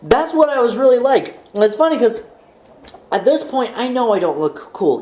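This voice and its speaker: A man's voice: extremely high pitch, expressive, moderate pace, a little mellow. A guy telling a fight story to the camera in a vlog, acting out the action with sound effects. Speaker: vlogger.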